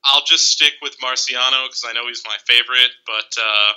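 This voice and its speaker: Teasing podcast host, bright voice. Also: male voice, medium pitch, fairly even intonation, moderate pace, clear, resonant tone, low-quality recording. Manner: teasing, loose, jokey banter. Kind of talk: casual podcast chat.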